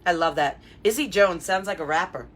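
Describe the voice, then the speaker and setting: Chatty lady doing a live wreath tutorial, lots of um and you know, slightly low voice. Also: brisk. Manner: chatty and upbeat, many fillers and asides to viewers. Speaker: wreath designer and craft instructor. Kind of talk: live craft tutorial with viewer shout-outs.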